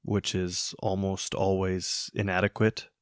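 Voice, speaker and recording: Slow, low-voiced man musing alone. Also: little pitch movement, clean tone, dry recording, clean studio sound. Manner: musing, hesitant, with fillers and restarts. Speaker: podcast host. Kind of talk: reflective solo podcast monologue.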